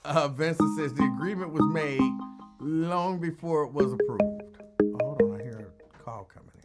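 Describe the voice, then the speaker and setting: A man hosts a call-in talk radio show in an easygoing, animated way. His voice sits a bit higher than most men's, and he drifts into quick asides. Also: over loud music. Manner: animated, conversational, drops into asides.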